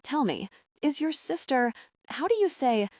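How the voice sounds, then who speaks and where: A woman's voice: sits high, very animated, unhurried, darkish tone, dry recording, clean studio sound, voice pushed up. Woman doing a charming french guy with a french accent, polite, audiobook. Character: young French male doctor, polite and charming.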